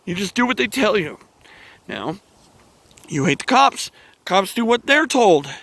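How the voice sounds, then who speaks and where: A man hosting his own channel, delivering a heated, emotional monologue to camera, swearing often and pausing to sigh. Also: high-pitched, very animated, fairly bright tone, no echo. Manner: angry, profane ranting with sighs and restarts. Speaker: channel host.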